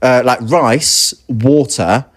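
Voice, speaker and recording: Ex-player turned pundit, easygoing chat, laughs a lot, lots of likes and ums. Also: male voice, mid-range voice, slow. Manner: laughing, conversational storyteller with many fillers. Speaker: former footballer, now a pundit. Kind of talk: casual anecdote on a podcast.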